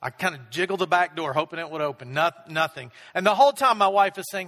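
A middle-aged pastor preaching with a high, bright voice that rings out in the long reverb of a big hall. He tells a self-deprecating story in a relaxed, chatty way. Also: fast, hardly any pauses. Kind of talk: storytelling sermon.

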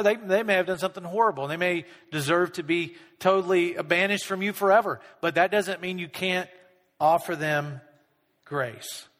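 A male pastor preaching a conversational sermon, slipping into quick impressions of everyday people. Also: a little high, fairly bright tone, big-room sound. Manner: conversational, acts out people's voices in quick asides.

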